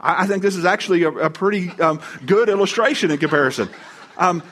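A man's voice: high voice, fast. Storytelling male pastor preaching to a congregation. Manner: storytelling with humor, animated voices for quotes. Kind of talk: sermon. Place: church before a live congregation.

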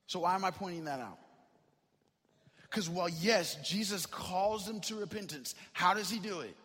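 A man's voice: high voice, normal speed, sharp tone, husky. A man preaching a sermon as a pastor, telling a personal story in a conversational way that builds to impassioned emphasis. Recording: long hall reverb.

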